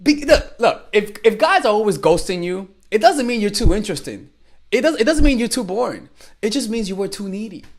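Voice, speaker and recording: A man's voice: high voice, brisk. Young guy dating coach, cussing, blunt, voice jumps all over the place. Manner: blunt, profane, animated, acts out quoted dialogue. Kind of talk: direct-to-camera advice talk.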